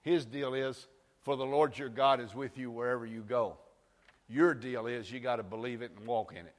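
A man preaching a sermon, firing rhetorical questions and rising to shouts. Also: medium pitch, fairly even intonation, moderate pace, in a large hall. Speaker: pastor. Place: church sanctuary.

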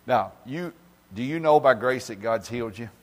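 Pastor guy rambling through a sermon, loud then low, mid pitch voice in a church. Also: expressive, moderate pace, long reverb tail. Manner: folksy, talks directly to congregation members by name; swings from loud emphasis to low asides. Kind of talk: informal sermon.

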